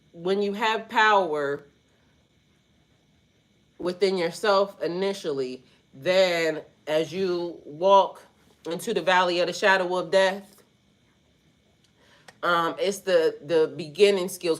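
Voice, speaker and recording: A woman's voice: medium pitch, unhurried, fairly bright tone. A woman who works as a spiritual life coach, talking casually to her viewers in a rambling, slangy way and swearing freely, with a stuffy nose.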